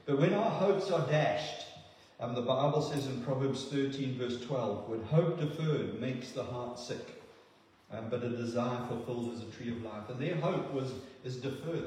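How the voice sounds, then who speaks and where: A man preaching a sermon in an earnest, halting way, often repeating words as he goes. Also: medium pitch, darkish tone, a little hiss or hum. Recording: echoey hall, far from the mic.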